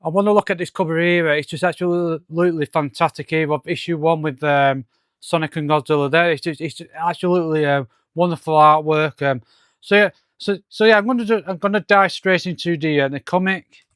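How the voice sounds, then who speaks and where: A man's voice: on the high side, fairly even intonation, fairly quick, fairly bright tone, clear, resonant tone, no echo, studio quality. A man casually reviewing a comic, hesitating with lots of ums and restarts. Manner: hesitant, many fillers and restarts.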